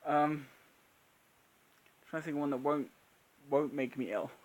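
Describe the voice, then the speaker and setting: A man's voice: on the high side, unhurried. A man with a sore throat from being unwell, hosting a casual live Q&A chat, laughing often and trailing off mid-sentence. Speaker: channel host.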